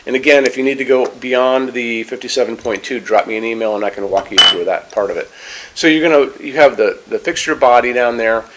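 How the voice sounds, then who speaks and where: Middle-aged man, mid-pitched voice, casual showroom product walkthrough with easy step-by-step explanations. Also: fairly even intonation, fairly quick, heavy background noise. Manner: chatty, explanatory, step-by-step instructions. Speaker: lighting showroom product presenter. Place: lighting showroom, indoors.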